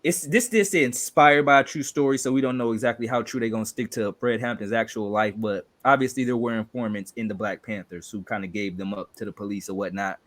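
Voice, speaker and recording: A man from Chicago with a Chicago accent, chatting casually as co-host of a trailer reaction video, talking with many fillers and animated bursts. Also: lowish voice, fast, hardly any pauses, no echo.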